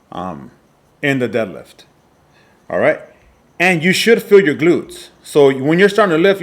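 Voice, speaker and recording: Emphatic man teaching from slides. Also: medium pitch. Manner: repetitive, emphatic, frequent "all right" checks. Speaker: fitness coach. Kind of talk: slide presentation lesson.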